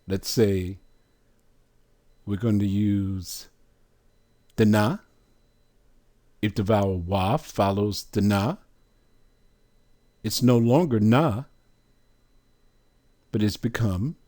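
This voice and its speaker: Very slow, deliberate male teacher. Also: fairly low pitch, a little mellow. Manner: slow and deliberate, drawing out sounds and asking the listener questions. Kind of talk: religious language lesson.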